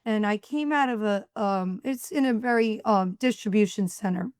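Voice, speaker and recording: A woman's voice: medium pitch, normal speed, clear, resonant tone, no echo, clean studio sound. A middle-aged woman, a podcast guest, telling stories in casual talk and acting out the dialogue. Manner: animated storyteller acting out dialogue. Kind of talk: casual storytelling.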